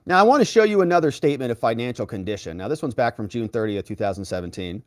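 A man's voice: mid-range voice, racing, dry recording, clean studio sound. A man hosting legal commentary, retelling court testimony in a casual, sarcastic way and acting out the quotes. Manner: animated, sarcastic, acts out quotes in voices.

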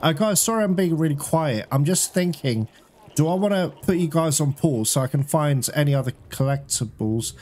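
A man's voice: a little high, animated, moderate pace, darkish tone. A man giving casual let's-play commentary, chatting to his viewers, laughing and swearing often. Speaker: gaming streamer.

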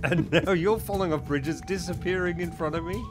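A man's voice: a little high, moderate pace, over music. A man giving casual gameplay commentary as a channel host. He plays up mock outrage in a theatrical way and keeps breaking into laughter. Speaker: video game channel host.

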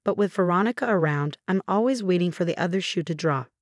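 Even, steady woman narrator for a first-person story; low-pitched, dry. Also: quick pace, dry recording.

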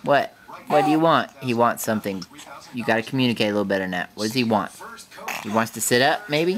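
A man's voice: mid-range voice, fast talker, fairly bright tone. A young father chatting playfully with his baby in a home video, teasing and chuckling.

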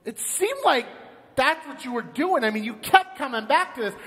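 A bubbly angel greets a newcomer at heaven's gate, as a pastor puts him on, the voice jumping up into bright, squeaky highs. Every line sounds cheerful and congratulatory, and a long church reverb rings after it. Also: male voice, lively intonation, moderate pace, husky, full character voice. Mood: chirpy. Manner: upbeat, congratulatory, rising to high squeaks.

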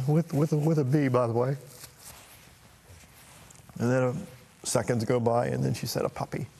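A middle-aged man telling a personal family story in a halting, emotional way, with frequent restarts. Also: on the high side, vocal fry, mellow, slightly rough, in a large hall. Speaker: talk show host.

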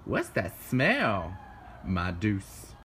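A man, chatting in a sassy, animated vlog while walking his dog outdoors on a handheld phone. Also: on the low side, extremely slow, slight background noise. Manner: animated, sassy, playful running commentary. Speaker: vlogger. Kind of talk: casual vlog chat.

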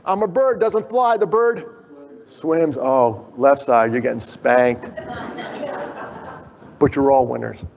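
A man's voice: medium pitch, takes it slowly, gravelly, long pauses, a little mellow. A middle-aged man gives a motivational conference talk. He jokes with the crowd and gets them involved, then turns earnest. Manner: jokey, draws in the audience, then turns earnest. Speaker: keynote speaker. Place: conference hall. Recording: dull, echoey hall sound.

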